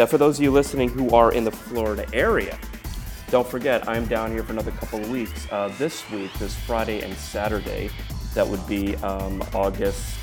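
An excitable man rambles through a podcast intro in a deep-ish voice. Music plays clearly behind him, and he jokes as he goes. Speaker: podcast host and comedian. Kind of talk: casual podcast intro and chat.

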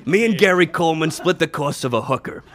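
A man's voice: fairly high pitch, animated, fast talker, fairly bright tone. A man doing a crude old-timey stand-up comic. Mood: boastful. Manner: brash joke-telling with rimshot-style punchlines. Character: old vaudeville-style male comic, crude and boastful. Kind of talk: comedy sketch character.

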